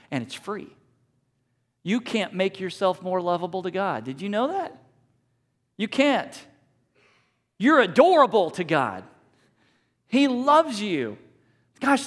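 A man in his forties with a fairly high voice delivers a sermon in a church sanctuary. He talks in a conversational, animated way and catches and corrects himself as he goes. His voice rings out with a long hall reverb behind it. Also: takes it slowly, pauses often. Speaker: pastor.

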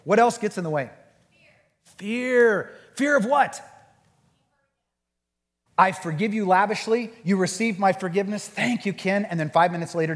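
A man preaching a sermon and leading a group discussion, acting out quoted voices in an animated way. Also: fairly high pitch, big-room sound. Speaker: pastor.

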